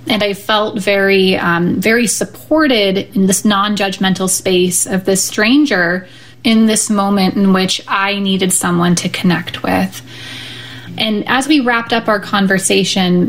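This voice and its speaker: A woman telling her own story, soft and reflective, some hesitation. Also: medium pitch. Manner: soft, reflective, halting with fillers. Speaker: guest telling a personal story.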